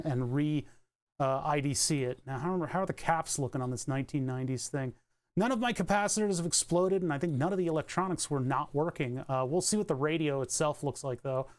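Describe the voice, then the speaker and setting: A man with a fairly high voice streams himself repairing car electronics, giving casual live commentary. He rambles, thinks out loud, and swears offhandedly.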